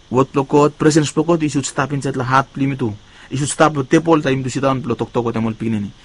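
A male preacher delivers a sermon in a voice of ordinary middle pitch. He lifts his key words with emphasis, then lets each phrase fade low and soft at its close. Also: fairly even intonation, fast.

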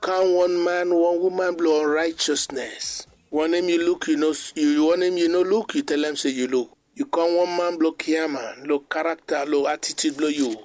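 A man preaches a morning sermon. His voice sits a bit high for a man. He mixes creole with English and slows down to read Bible verses. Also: fairly even intonation, a little mellow, no echo. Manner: preaches in a creole-mixed English, quoting scripture slowly.

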